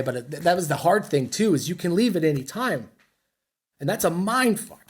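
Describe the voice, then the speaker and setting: A middle-aged veteran from the US speaks briskly in a mid-range voice with a breathy edge. Appearing as a podcast guest, he tells war stories casually in an interview, rambling along bluntly, profanely and with self-mockery.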